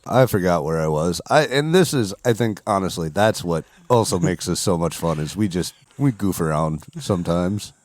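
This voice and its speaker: A man from Wisconsin co-hosting a casual podcast chat, relaxed and rambling, chuckling often. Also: low-pitched, normal speed, hardly any pauses. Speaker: podcast co-host.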